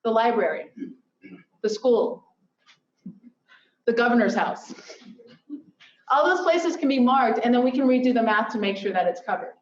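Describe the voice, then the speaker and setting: A woman's voice: on the high side, animated, normal speed, long pauses. A woman giving an upbeat conference presentation with joking asides. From Silicon Valley. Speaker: workshop presenter. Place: lecture hall. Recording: echoey hall from far off, dull.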